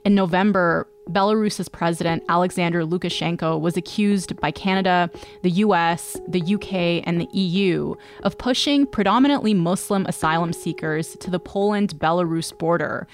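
Low-pitched woman hosting a news podcast. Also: normal speed, hardly any pauses, soft background music. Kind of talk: scripted news narration and interview.

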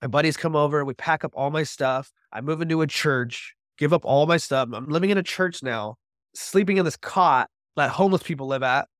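A man as a podcast guest, telling his personal recovery story with animated storytelling and acting out his own quoted speech. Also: fairly high pitch, a little fast, dry recording, studio quality.

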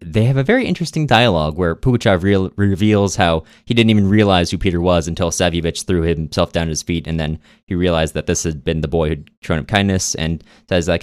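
A man's voice: low voice, fairly quick, few pauses, smooth, no room sound. A man co-hosting a podcast, casually retelling a novel's plot with wry, dry asides. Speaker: podcast co-host. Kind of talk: casual book recap.

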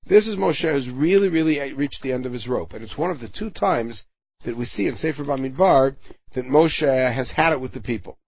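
A man giving a verse-by-verse Torah lesson, reading Hebrew lines and explaining them in English, often pausing to search for words. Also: medium pitch, lively intonation, creaky, breathy edge, no room sound. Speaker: Torah teacher. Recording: dull, dry lo-fi recording.

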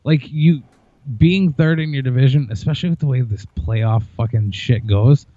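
A man's voice: medium pitch, moderate pace, dark tone, no room sound, highs cut off. Blunt, profane man ranting about sports. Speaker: podcast co-host. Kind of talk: casual sports chat.

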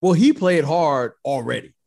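A man's voice: fairly high pitch, animated, moderate pace, vocal fry, darkish tone. A man in his fifties co-hosting a casual sports podcast, telling stories in an easygoing, reflective way. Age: 50s. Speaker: podcast co-host, former pro player.

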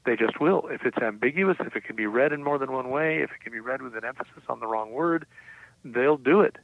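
A man's voice: mid-range voice, fairly quick, creaky, no echo. An older man, a writer being interviewed, telling stories about his past with self-assurance and frequent fillers and restarts. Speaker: guest writer. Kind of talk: reflective storytelling. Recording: tinny, dry phone-like line.

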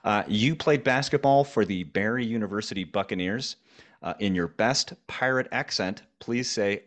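A man hosting a sports business podcast, asking questions in a playful, lively way. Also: fairly low pitch, normal speed. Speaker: podcast host. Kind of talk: podcast interview and outro.

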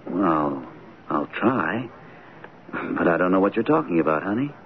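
Gentle middle-aged father, very deep and expressive, lo-fi radio-play sound. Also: measured pace. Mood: tender. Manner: gentle, reassuring, patient. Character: kindly middle-aged male author, doting father. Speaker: author and father. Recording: tinny 1970s radio broadcast, faint hiss.

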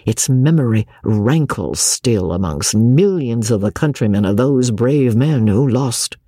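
A woman reading a classic novel aloud as an audiobook narrator, in expressive, measured storytelling. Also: extremely low pitch, husky, no room sound, clean studio sound. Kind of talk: scripted narration.

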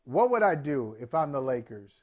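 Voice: mid-range voice, very animated, normal speed. A co-host in a casual sports debate, emphatic and incredulous, scolding in a mocking way.

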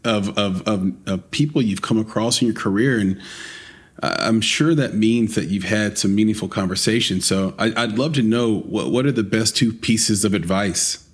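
A man's voice: on the low side, normal speed, husky. A man hosting a podcast, asking questions in a casual, chatty way and stumbling over his words now and then. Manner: chatty, laughs easily, stumbling restarts. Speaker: podcast host. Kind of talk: casual interview.

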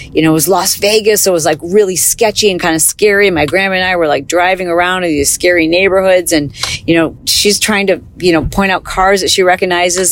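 A woman hosting her own show, telling a personal story in an earnest, conversational way, full of little fillers. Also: lowish voice. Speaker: host. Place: car.

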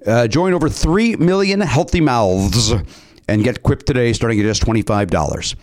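A man's voice: medium pitch, expressive, moderate pace, darkish tone. A man co-hosting a podcast, reading a sponsor ad in casual, jokey chat with many restarts. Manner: stammering, playful, jokey.

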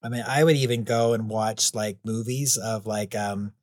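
A man's voice: lowish voice, steady tone, normal speed, no echo, studio quality. A man being interviewed as a guest clown and author, rambling easily with frequent chuckles and fillers. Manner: rambling, chuckles often, many "you know"s. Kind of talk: casual interview chat.

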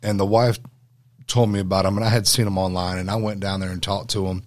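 A man with a lowish voice co-hosts a podcast in a folksy, plain-spoken way. His talk is easy and conversational. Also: flat delivery, quick pace. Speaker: podcast co-host. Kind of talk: casual chat.

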